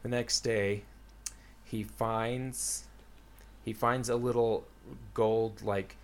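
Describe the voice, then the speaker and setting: Drawing out his words in a lowish, flat voice, a young man retells a book's plot in a casual chat. He rambles, and his speech is crowded with "like" and "uh."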